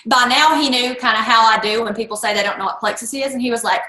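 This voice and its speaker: A woman talks in a quick, animated way, leaping up in pitch whenever she acts out someone she is quoting. Her voice sits high and sounds bright. The room gives it a roomy echo. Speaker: guest speaker. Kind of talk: lively anecdotal talk.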